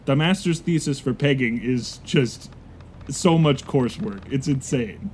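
A man's voice: medium pitch, measured pace, darkish tone, a little hiss or hum. A man improvising a pirate crewman in a comedy scene, with playful, jokey banter. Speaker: podcast co-host.

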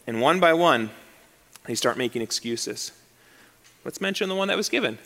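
High, bright pastor preaching. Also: male voice, moderate pace, pauses often. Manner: animated, acts out excuses in quoted voices. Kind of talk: sermon. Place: church sanctuary. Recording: long hall reverb.

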